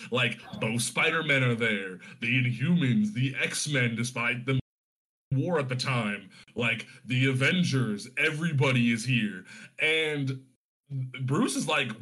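A man retelling a comic storyline in casual chat, animated and full of profanity. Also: medium pitch.

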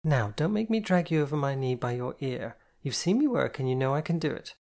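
A reader voicing Jen, a stern, teasing woman disciplinarian who talks in a brisk, bossy, mockingly patient way. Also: mid-range voice, big pitch swings, creaky, a little mellow. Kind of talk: audiobook character voice.

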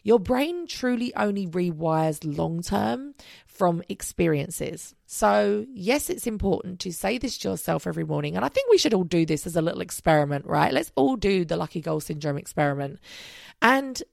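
A podcast host in her thirties delivers a casual, upbeat solo monologue, occasionally swearing and drifting off track. She has a lowish, slightly mellow voice with gravelly vocal fry and big pitch swings at a moderate pace, captured in a dry, studio-quality recording.

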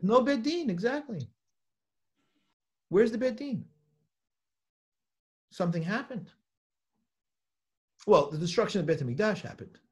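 A man with a high-pitched voice gives a live Torah class in a study hall. He reads Hebrew passages aloud, then explains them in plain talk. He stops now and then to put questions to his students. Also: lively intonation, moderate pace, pauses often, darkish tone. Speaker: rabbi teaching a class.

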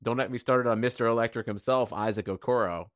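A man's voice: medium pitch, fast talker, no echo, studio quality. A man co-hosting a casual sports podcast, laughing along with the others. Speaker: podcast co-host.

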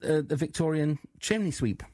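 Hesitant man, slightly high voice. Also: expressive, moderate pace, darkish tone. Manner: hesitant, lots of ums. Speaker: radio co-host. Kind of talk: radio comedy chat.

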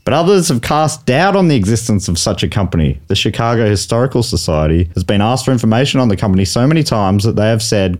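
A man's voice: fairly low pitch, darkish tone. Australian man hosting a comedy quiz. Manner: reads trivia aloud, quick teasing asides. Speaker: comedy game show host. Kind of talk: comedy podcast banter, reading questions.

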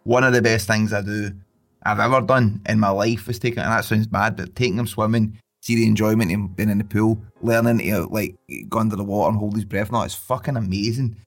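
A young man, co-hosting a podcast and telling stories about his baby in a sweary, laughing, animated chat. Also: lowish voice, brisk. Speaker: podcast co-host. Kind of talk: casual chat.

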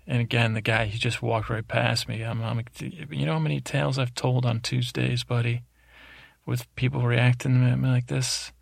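A man with a heavily gravelly voice drones through a rambling bedtime story, keeping his pitch level and monotone. He wanders, stalls and corrects himself as he goes, speaking close to a dry microphone. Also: normal speed, dry recording. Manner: meandering, droning, self-interrupting. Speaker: podcast host. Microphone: close studio microphone.

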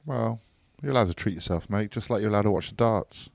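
A man's voice: on the low side, fast, vocal fry, darkish tone, no room sound, clean studio sound. A man in casual chat, adding short teasing remarks to his friend. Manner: short teasing interjections, calls friend mate. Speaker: podcast co-host.

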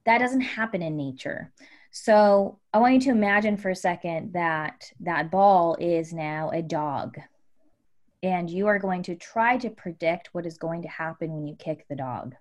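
A woman life coach explaining ideas to her guests with lively examples. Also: lowish voice, measured pace. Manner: animated, teaching with examples.

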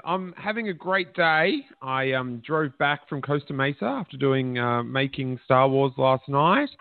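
A chatty man hosting a podcast, telling joking stories at an easy clip. His voice comes through a thin, phone-like line with almost no room sound. He sits at a middle pitch for a man. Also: gravelly, no echo. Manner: chatty, joking, tells anecdotes. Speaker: podcast host. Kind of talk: casual chat.

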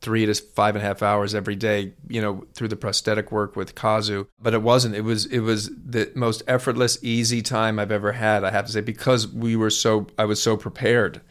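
A man's voice: on the low side, level tone, moderate pace, few pauses. A man who directs and acts, talking as an interview guest, eager and rambling with frequent restarts. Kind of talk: candid interview talk.

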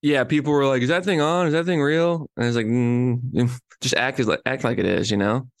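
A young man co-hosting a podcast, chatting casually and relaxed, with lots of fillers. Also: mid-range voice, a little fast, no room sound, studio quality. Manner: relaxed, filler-heavy talk. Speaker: podcast co-host. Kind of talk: casual chat.

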